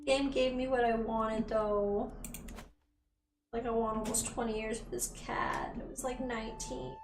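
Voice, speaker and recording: A woman's voice: fairly high pitch, steady tone, a little slow. A woman casually commenting on a strategy game and reading its story text aloud, getting emotional. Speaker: streamer. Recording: roomy echo from a distant mic with faint music.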